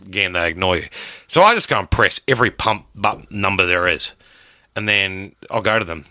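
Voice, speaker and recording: An Australian man co-hosting a radio show, telling animated stories and mimicking people. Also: low-pitched, fairly quick, no room sound, clean studio sound. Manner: animated storyteller, laughs a lot, mimics people. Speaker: radio co-host. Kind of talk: casual breakfast show banter.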